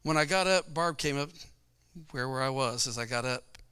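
A man's voice: medium pitch, normal speed, bright, forceful tone, clear, resonant tone. A middle-aged male pastor giving a folksy testimony sermon, telling his story with frequent laughs.

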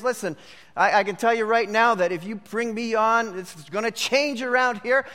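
A man's voice: very high-pitched, normal speed, bright, forceful tone. A man preaching a sermon as a pastor, emphatic and repeating his points for emphasis. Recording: long hall reverb.

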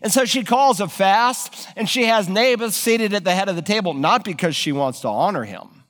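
A man preaching a sermon, retelling scripture with animated, dramatic storytelling in a church. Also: high voice, normal speed, in a large hall. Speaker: pastor.

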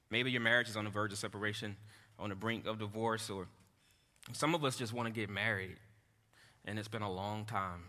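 A man preaching a sermon to his congregation in an earnest, halting way, often restarting and turning to the room with asides. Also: on the low side, bright, forceful tone. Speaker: pastor. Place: church hall. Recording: echoey hall.

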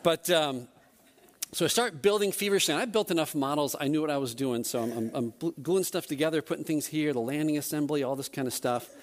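A man, a church elder, telling a personal story during a service in a self-deprecating, animated way. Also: a little high, quick pace.

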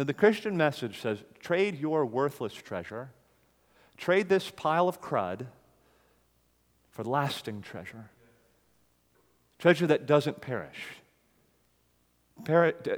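In a large hall, a man preaches emphatically to a congregation. His voice rises louder on key phrases and then drops low after them.

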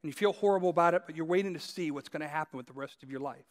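A pastor preaching a sermon, talking to listeners directly in a conversational storytelling way and repeating phrases for emphasis. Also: male voice, a little high, racing.

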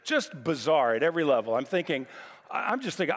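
A man's voice: on the high side, sing-song, quick pace, a bit bright. A man preaching a sermon as pastor, talking in a conversational way and telling a humorous personal story. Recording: reverberant hall recording.

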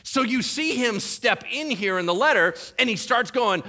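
A male pastor preaching a sermon in an animated way, acting out the voices of the people he quotes. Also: extremely high pitch, normal speed.

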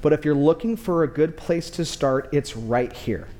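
A male pastor with a notably high-pitched voice delivers a sermon. He tells stories with lively energy and keeps speaking straight to the congregation. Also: normal speed. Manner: lively storytelling, addresses the congregation directly.

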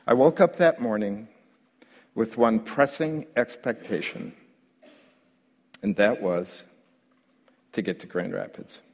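Animated male pastor in a reverberant hall. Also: takes it slowly, long pauses, slightly rough. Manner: animated storyteller who grows loud and high when reliving his own panic. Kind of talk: storytelling sermon.

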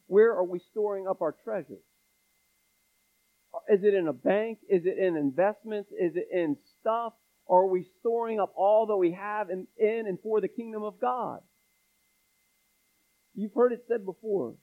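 A man's voice: high-pitched, measured pace, pauses often. A man preaching a sermon, pressing the congregation with pleading rhetorical questions. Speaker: pastor. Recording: tinny phone-like sound.

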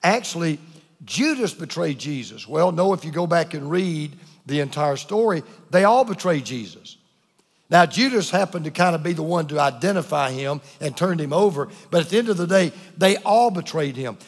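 A male pastor with a slightly high voice delivers an earnest sermon. His phrases repeat in waves and his voice sinks to a near hush on the key words. The sound carries a long reverb from a large church. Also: animated, moderate pace, slightly rough.

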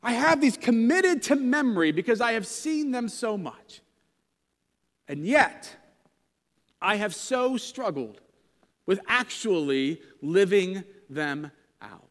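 A man's voice: sits high, sing-song, slow, pauses often, fairly bright tone, long reverb tail. A pastor in his thirties preaching a sermon in a conversational, self-deprecating storytelling way.

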